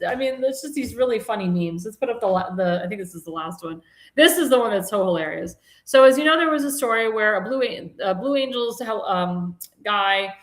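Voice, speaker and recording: This live-stream talk show host is a woman with a medium-pitched, fairly bright voice. Rambling and casual, she laughs at her own jokes while the room echoes around her.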